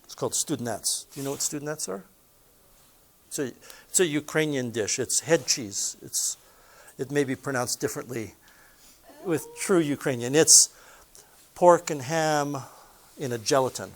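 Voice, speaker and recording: A man's voice: mid-range voice, moderate pace, long pauses. A man teaching a physics lesson in a chatty way, putting questions to his listeners and adding personal stories. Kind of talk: recorded classroom lesson.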